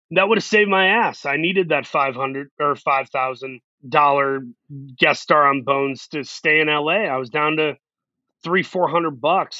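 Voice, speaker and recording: A man's voice: fairly high pitch, pushed and bright, no room sound, lo-fi sound. A man, an actor guest, telling long self-deprecating stories in a casual interview. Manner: rambling, self-deprecating anecdotes.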